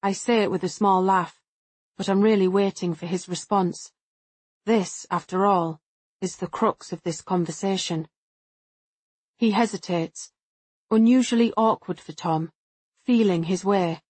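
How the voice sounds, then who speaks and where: Measured woman narrating an audiobook. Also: mid-range voice, darkish tone, slightly rough, dry recording. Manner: measured and reflective. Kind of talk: first-person scripted narration.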